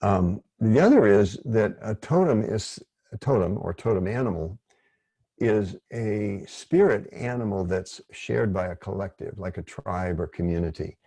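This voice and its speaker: A man leading an online workshop, speaking in a gentle, rambling, digressive way. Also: on the low side, measured pace, breathy edge, dry recording. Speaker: workshop facilitator.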